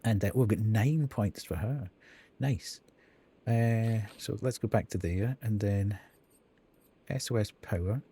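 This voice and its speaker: Guy streaming a game, mellow warm tone, talks slow, counts stuff out loud to himself. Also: lowish voice, slightly rough. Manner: thinking aloud, counting and reading out menu items. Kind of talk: casual live gameplay commentary.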